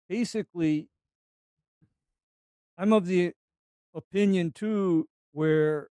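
A man in casual conversation, speaking about running a solo business in a deliberate, emphatic way, with halting phrasing. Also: high-pitched, darkish tone, smooth, no echo. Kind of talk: casual chat.

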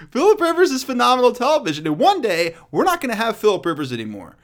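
A man hosting a casual solo sports talk show, blunt and profane, riffing with loud and quiet swings. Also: very high-pitched, wildly swooping pitch, quick pace, few pauses.

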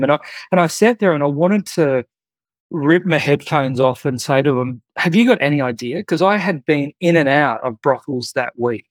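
An earnest man recounts a personal story as an interview guest, unhurried and heartfelt, often pausing on fillers. His voice sits at an ordinary middle pitch, and the recording is dry and close, with no room sound. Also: no room sound. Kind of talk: conversational storytelling.

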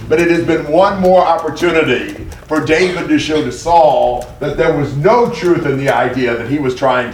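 A man leading a Bible study group, explaining a passage in a loose, conversational way with many fillers. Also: mid-range voice. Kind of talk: casual Bible study discussion. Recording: echoey room, far from mic.

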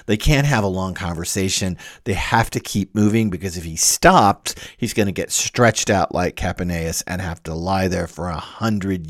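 A man giving an informal literature lecture, reading passages aloud and breaking off to comment on them in an animated way. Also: on the low side, dry recording, clean studio sound.

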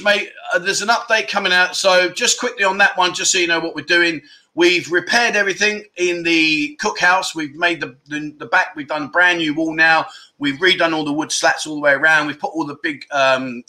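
A man's voice: on the high side, sharp tone. A middle-aged man hosting a casual livestream chat, teasing and talking loosely with many restarts. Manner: chatty, teasing, restarts often. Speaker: livestream host.

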